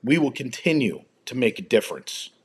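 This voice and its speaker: A man's voice: mid-range voice, sing-song, normal speed, slightly rough. A man hosting a live stream from home, ranting angrily and swearing with heated emphasis. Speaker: livestream host. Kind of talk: angry livestream rant.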